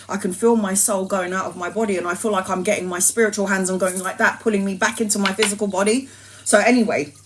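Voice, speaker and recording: A woman spinning a personal story on a live stream, loose and animated. She swears freely and slips into other people's voices. Her pitch sits mid-range for a woman. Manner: animated, swearing, laughing anecdote. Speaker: tarot reader, streamer.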